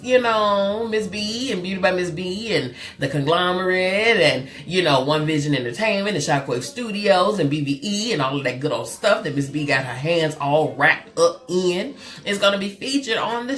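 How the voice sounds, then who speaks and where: Chatty woman hosting a live stream. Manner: lively, chatty, calls viewers girl and honey; loud, expressive swings in pitch. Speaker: live show host and therapist. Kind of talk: casual live-stream chat with viewers.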